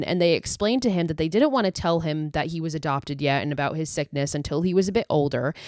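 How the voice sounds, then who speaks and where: A woman's voice: lowish voice, darkish tone, no room sound, studio quality. A woman podcast host casually recapping a horror movie, chatty and loose, with plenty of filler words and the odd swear.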